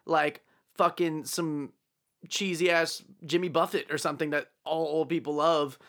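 A man's voice: a little high, steady tone, unhurried, fairly bright tone. A young man hosting a podcast, chatting casually in a rambling, profane way and laughing often. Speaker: podcast host.

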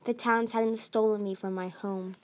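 A woman's voice: mid-range voice, steady tone, moderate pace, natural voice. A woman reading aloud, voicing a proud, anxious young female sea dragon who speaks emphatically. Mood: longing. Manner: emphatic, pleading.

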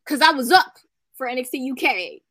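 A woman co-hosting a wrestling podcast, animated and exclamatory, filling her talk with "like". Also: sits high, normal speed. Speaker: podcast co-host. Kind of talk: casual wrestling chat.

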